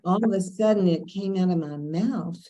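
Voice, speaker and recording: A woman's voice: lowish voice, normal speed, dark tone, poor audio. An older woman lawyer from Kentucky telling courtroom stories in a chatty way, laughing often and using many fillers. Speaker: veteran lawyer. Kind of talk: storytelling interview.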